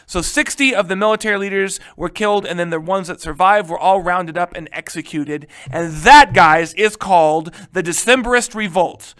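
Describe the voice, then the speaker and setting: A male history teacher giving a casual, animated lecture, joking and checking in with his students. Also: sits high, moderate pace, hardly any pauses, clean tone. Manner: animated, joking, keeps asking "right?".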